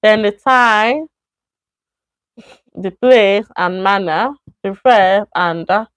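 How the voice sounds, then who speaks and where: Slow, careful Nigerian woman teaching. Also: mid-range voice, clear, resonant tone, no room sound, clean studio sound. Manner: slow, repeats words, self-corrects. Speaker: Chinese teacher. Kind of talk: live-stream language lesson.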